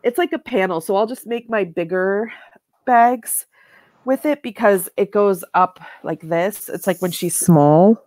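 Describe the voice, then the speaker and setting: A woman's voice: medium pitch, a little slow, a little mellow, no echo. A woman co-hosting a knitting show, chatting casually and showing yarn and fabric to the camera, rambling with many "like"s and "um"s.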